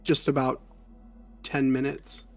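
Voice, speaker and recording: A man narrating as game master, calmly asking players what they do. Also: medium pitch, takes it slowly, soft background music.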